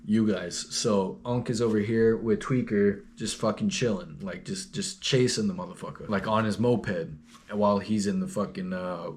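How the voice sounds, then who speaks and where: A man's voice: fairly low pitch, fairly even intonation, moderate pace, a little mellow, a little hiss or hum. A young man telling a story in a rambling, slangy, profane, laid-back way. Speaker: vlogger. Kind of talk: casual storytelling.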